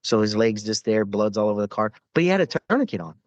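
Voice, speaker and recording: A man's voice: fairly low pitch, sing-song, fast talker, dry recording. A man, a former Navy corpsman, telling rambling war stories with lots of swearing and fillers in a casual podcast interview.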